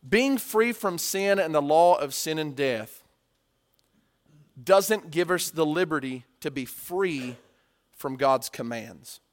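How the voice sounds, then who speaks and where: Male preacher, higher pitch, sermon with dramatic loud-soft swings. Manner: swings from hushed to loud, acts out story voices.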